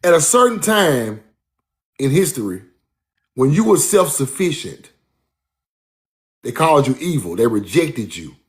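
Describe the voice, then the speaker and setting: A man's voice: a little high, sing-song, a little slow, long pauses. Emphatic man giving a casual lecture. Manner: emphatic, repeats himself, addresses listener as bro. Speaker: speaker giving a talk. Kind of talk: casual street-style lecture.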